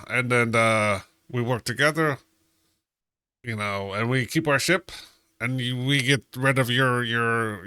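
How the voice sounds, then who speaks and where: A man playing a tabletop game, rambling and halting while trying to stay in character. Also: medium pitch, pushed and bright, clear, resonant tone, no room sound, studio quality. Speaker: player.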